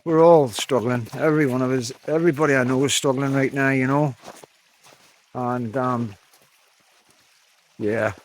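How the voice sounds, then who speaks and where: A man's voice: mid-range voice, fairly even intonation, a little slow, long pauses, a little hiss or hum. A man with a thick regional accent speaks to his followers on an evening stroll, recorded on a handheld phone outdoors. He rambles in a blunt, downcast way, looping back on his points and swearing now and then. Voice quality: strong regional accent that he says captions garble. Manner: rambling, frank, swears, repeats "you know". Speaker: vlogger. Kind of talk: casual monologue to viewers.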